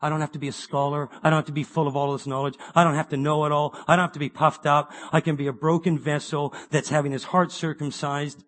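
Excitable high-voiced male preacher. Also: quick pace, hardly any pauses. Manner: excitable, swings from loud enthusiasm to quiet, rhetorical questions. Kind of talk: sermon.

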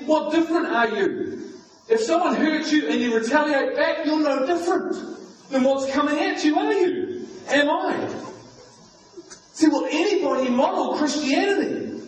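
A man's voice: extremely high pitch, a little hiss or hum. A man preaching a sermon in a church, emphatic and firing off rhetorical questions. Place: church hall. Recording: echoey hall, miked from far off.

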